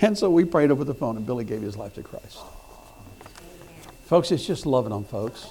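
A middle-aged man preaches a sermon in a mid-range voice at a quick pace. He tells folksy stories full of repeated words and restarts before building to loud, emphatic points.

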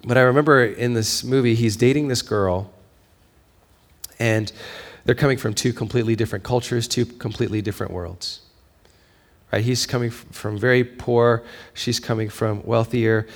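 Man preaching, quiet to emphatic. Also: medium pitch, fairly even intonation, normal speed. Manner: swings from quiet, intimate storytelling to raised, emphatic preaching; conversational, with fillers and frequent "right?". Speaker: pastor. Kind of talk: sermon.

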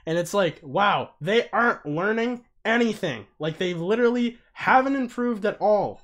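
A young man with a fairly high voice co-hosts a casual sports chat. He rants in bursts and swears constantly, getting louder as he heats up. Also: moderate pace. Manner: ranting, heavy swearing, excitable. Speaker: podcast co-host.

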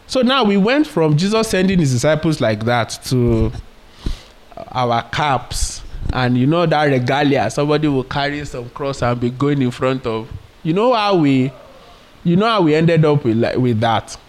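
A man's voice: a little high, lively intonation, normal speed. A man preaching a sermon earnestly, asking rhetorical questions and retelling stories.

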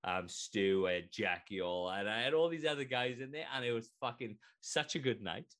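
A man's voice: mid-range voice, lively intonation, normal speed, fairly bright tone. A man co-hosting a podcast, telling rambling stories and swearing freely in casual chat. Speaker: podcast co-host.

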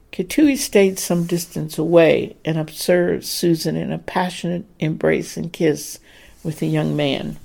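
A woman narrates a period novel in a steady, unhurried storytelling manner. Her voice sits low, with a gravelly fry running through it. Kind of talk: audiobook narration.

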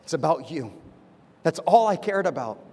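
A man, a pastor giving a sermon from the pulpit in fast, animated personal storytelling. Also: on the high side, husky, in a large hall. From United States. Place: church with a pulpit.

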